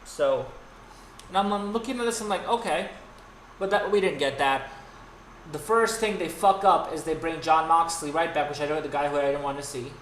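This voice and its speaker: A man's voice: a little high, a little fast, fairly bright tone. A man hosting his own livestream, ranting in a profane, exasperated way, often restarting his sentences. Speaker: streamer and host. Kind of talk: unscripted rant on a livestream. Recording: roomy with faint background noise.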